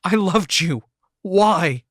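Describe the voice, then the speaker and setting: A man's voice: medium pitch, fairly quick, a bit bright, dry recording, studio quality, close to an everyday voice. A man voicing a betrayed young man seething with rage in an audiobook, harsh and barking. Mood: enraged.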